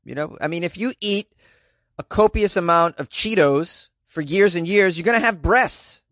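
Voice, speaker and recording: A man hosting comedic news commentary with a slightly raised pitch and a chatty, wry delivery full of joking asides. The recording is dry and close, with no room sound. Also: moderate pace, fairly bright tone, no room sound. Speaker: host.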